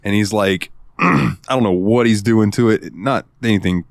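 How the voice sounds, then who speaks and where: A man co-hosting a casual gaming podcast, telling stories excitedly and swearing freely. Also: fairly low pitch, normal speed, vocal fry, no echo. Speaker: podcast co-host.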